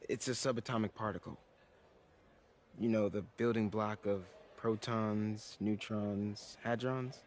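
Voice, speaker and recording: A man's voice: lowish voice, fairly even intonation, a little slow, darkish tone, a little hiss or hum, natural voice. An actor playing a polite, slightly hesitant teenage boy who is eager to help, in a video game cutscene. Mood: earnest.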